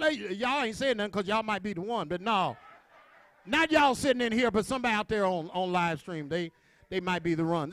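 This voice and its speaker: A man preaching a sermon to his congregation, with call-and-response, shouted peaks and quiet asides. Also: high-pitched, lively intonation, brisk, dry recording. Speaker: pastor.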